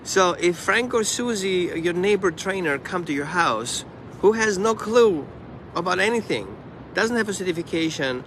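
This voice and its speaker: Brief: animated male dog trainer, bright voice, talking outside with faint traffic behind him. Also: high voice. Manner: animated, acts out the dog and owners in quick asides. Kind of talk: casual live stream monologue.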